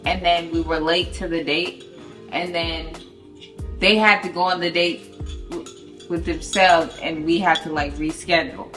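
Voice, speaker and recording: A woman tells a casual story, her voice bright and lower than most. She talks loosely in slang and quotes herself as she goes. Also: steady tone, a little slow, soft background music. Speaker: vlogger telling couple story.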